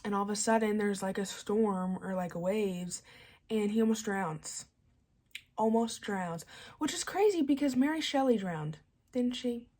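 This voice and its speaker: A young woman book vlogger excitedly retelling a novel's plot in a chatty way, full of "like" and paraphrased character lines. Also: mid-range voice, a little slow. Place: home, early morning.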